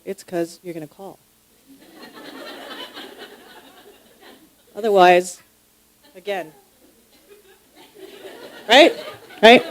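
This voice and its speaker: A woman from New York doing a stand-up set. She talks haltingly, repeating herself and restarting her sentences. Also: medium pitch, poor audio. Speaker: stand-up comic. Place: stage before a live audience.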